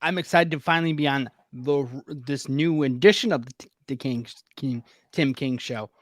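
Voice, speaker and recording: A man guesting on a sports podcast, talking quickly and stumbling over his words. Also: medium pitch, no echo, clean studio sound. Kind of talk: casual sports talk.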